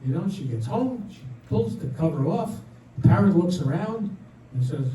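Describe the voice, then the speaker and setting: A man's voice: a little high, lively intonation, fairly quick, dark tone, a little hiss or hum. An older man telling jokes stand-up style, chatty and driving toward each punchline, laughing along at his own jokes. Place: community room at a senior residence. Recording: echoey room, mic at a distance.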